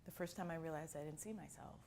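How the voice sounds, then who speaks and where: A woman's voice: low-pitched, fast talker, a little hiss or hum. A middle-aged woman from Miami teaching an acting class, telling stories and acting out the voices of the people in them. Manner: expressive storyteller who acts out quotes. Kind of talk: animated class talk with acted-out anecdotes.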